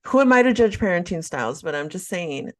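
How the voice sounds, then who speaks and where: A woman co-hosting a chatty podcast tells her story with dramatic flair. Her voice sits on the low side, and she leans into every twist of the tale. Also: expressive, brisk. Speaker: podcast co-host. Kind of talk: casual chat, storytelling.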